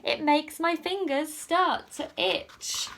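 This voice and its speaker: A woman's voice: high voice, slow pace, a bit bright, slight background noise, pitched above the performer's own voice. A woman voicing a lanky, greedy male thief in a storybook reading.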